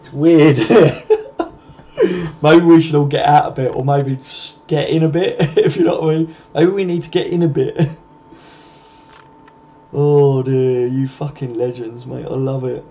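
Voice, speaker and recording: A man's voice: fairly high pitch, level tone, a little slow, pauses often, mellow, lo-fi sound. A man hosting a live stream, reading comments aloud and bantering in a laddish, swearing, jokey way.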